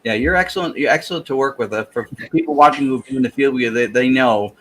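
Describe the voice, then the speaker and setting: A man's voice: medium pitch, quick pace, a bit bright, a little hiss or hum. A man hosting a paranormal talk show, chatting casually with a guest and restarting his phrases often. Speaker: show host. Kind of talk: casual chat.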